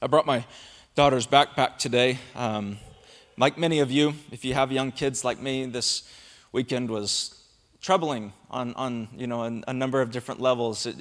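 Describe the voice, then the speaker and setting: A man's voice: medium pitch, fairly even intonation, moderate pace. A man in his thirties, a pastor, delivering an earnest, emphatic sermon. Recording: long reverb of a large hall.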